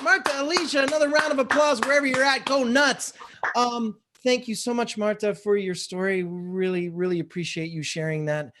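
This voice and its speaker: A man hosting an online storytelling show over a video call, upbeat and energetic, with some fillers. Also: sits high, normal speed, slight background noise. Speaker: event host.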